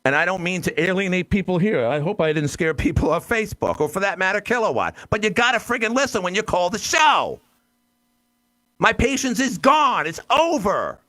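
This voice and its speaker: A man's voice: high-pitched, big pitch swings, normal speed, sharp tone. An American man hosting a call-in radio show, blunt and exasperated, often cutting in on callers. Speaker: radio talk show host.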